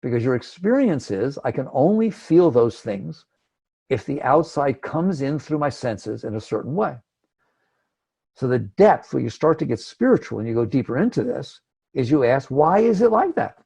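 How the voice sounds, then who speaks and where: A man's voice: medium pitch, very animated, moderate pace, creaky, dark tone, slightly rough. A man giving a conversational spiritual talk, emphatic and acting out inner thoughts. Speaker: spiritual teacher.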